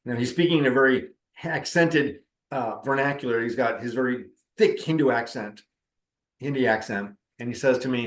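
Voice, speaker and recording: A middle-aged spiritual teacher and counselor tells a story about spiritual practice in a conversational way, acting out the quoted dialogue. His voice is medium-pitched at a normal speed, in an echoey room.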